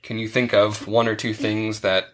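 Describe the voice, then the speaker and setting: Bright-voiced man hosting a podcast chat. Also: lowish voice, little pitch movement, normal speed, a little hiss or hum. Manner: friendly questioning, explains things plainly. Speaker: podcast host interviewing a child. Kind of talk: casual chat.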